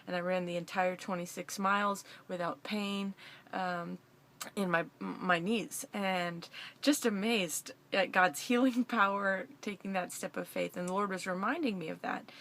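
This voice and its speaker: A young woman vlogger giving an emotional personal testimony to camera, excited and laughing through her words. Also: medium pitch, measured pace.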